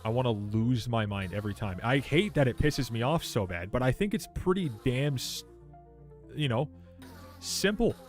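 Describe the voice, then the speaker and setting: A man's voice: mid-range voice, lively intonation, normal speed, soft background music. A young man chatting casually on a live stream, rambling and swearing as he rants and answers chat. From Canada. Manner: rambling, profane ranting while reading chat.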